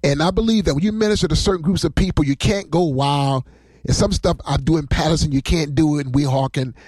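A man's voice: on the high side, fast talker, darkish tone, no echo. A man preaching on a livestream as a pastor, rambling and emotional, often breaking into laughter.

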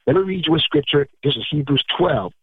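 A man's voice: a little high, expressive, brisk, dry recording. A man preaching a sermon in a conversational way, often repeating words and greeting listeners by name. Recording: tinny phone-like line, husky.

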